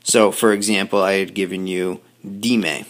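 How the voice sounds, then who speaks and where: A man with a low, gravelly voice teaches a recorded grammar lesson. He explains patiently, step by step, and drops quick asides to his students. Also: flat delivery. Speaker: high school Spanish teacher.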